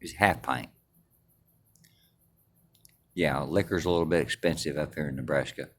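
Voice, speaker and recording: A man's voice: extremely low pitch, moderate pace. A man telling a story in a crude, defiant, boastful rant, swearing constantly. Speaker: vlogger.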